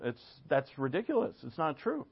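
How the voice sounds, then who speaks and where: A man preaching in a church, with a voice pitched a little higher than most men's. He is animated and conversational, throwing rhetorical questions at his listeners. The recording is slightly dull and lo-fi. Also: normal speed, vocal fry, slightly rough. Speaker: pastor. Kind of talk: sermon.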